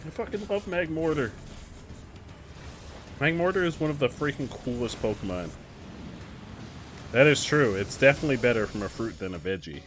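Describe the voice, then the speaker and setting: Animated young man streaming a game. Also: mid-range voice, moderate pace, long pauses, faint music behind. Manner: excitable, shifts from mumbling asides to loud exclamations. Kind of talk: casual live-stream commentary while gaming.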